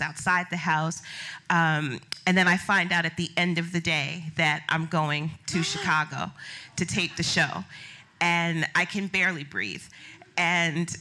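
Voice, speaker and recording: A middle-aged woman shares a story from a live stage, animated and quick to laugh, slipping into other people's voices. Her voice is bright and forward, set a bit low. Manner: animated storyteller, acts out quotes, laughs often. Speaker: business founder telling a story on stage.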